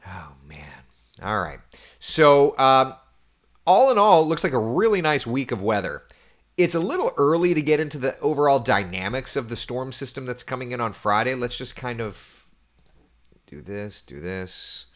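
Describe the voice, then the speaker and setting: In a mid-range voice at a moderate pace, a man in his thirties hosts a casual morning chat, reading viewer comments and sharing news from his week. He's chatty and animated, laughs often, and occasionally drops into a hushed near-whisper.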